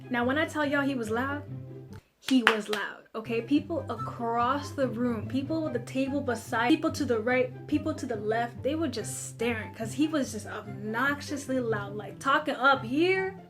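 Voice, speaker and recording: A young woman with a high, bright-sounding pitch retells a story for her viewers. She is chatty and emphatic, turning to the audience with asides. Music plays clearly underneath her voice. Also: moderate pace, hardly any pauses. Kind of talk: animated story time narration.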